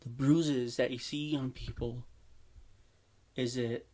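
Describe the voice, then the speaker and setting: A man speaks slowly and evenly, his pitch barely moving as he comments on a video. His tone is earnest, with a slight shake in the voice. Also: steady tone, dark tone. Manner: slow, earnest, shaky-voiced. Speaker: reaction host. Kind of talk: casual commentary.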